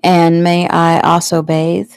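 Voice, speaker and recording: A woman reading the lines of a kind, tired middle-aged father in a storybook, with a gentle, teasing manner. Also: lowish voice, completely flat delivery, takes it slowly, clean tone, dry recording, clean studio sound. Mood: playful.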